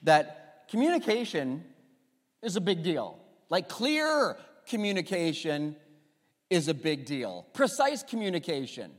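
A man preaching a sermon as a pastor, telling stories in a lively way and having the congregation repeat phrases after him. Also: a little high, unhurried. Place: church sanctuary. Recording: long reverb of a church hall.

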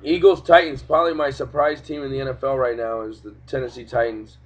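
A man's voice: medium pitch, fairly even intonation, quick pace. A young man hosting a casual sports podcast, talking in a profane, ranting way about games and referees. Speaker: podcast host. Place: home room, cat nearby. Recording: dull lo-fi home podcast recording.

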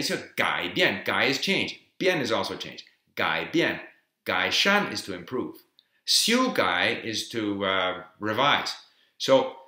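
This man's mid-range voice is bright and forceful as he gives a casual explanatory talk on picking up a language and passes on his personal learning tips. His delivery is emphatic and dotted with fillers, with a roomy echo around it.

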